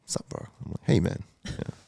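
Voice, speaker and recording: Warm-toned and fairly quick, a man in his thirties opens up as a podcast guest, recounting his story emotionally and frankly. He curses often, uses many fillers, and keeps restarting sentences, with no room sound on the recording.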